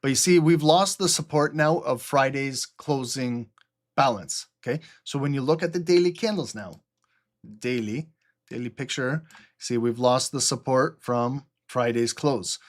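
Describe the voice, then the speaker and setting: A man's voice: mid-range voice, a little slow. A man hosting a trading livestream, explaining the market live and often checking in with "okay?" while answering viewer chat.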